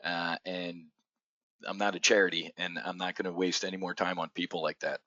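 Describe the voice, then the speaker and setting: A man hosting a live trading stream, talking bluntly and profanely with frequent stammered restarts and excitable outbursts. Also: deep voice, fairly quick, dry recording, highs cut off. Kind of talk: unscripted live stream talk.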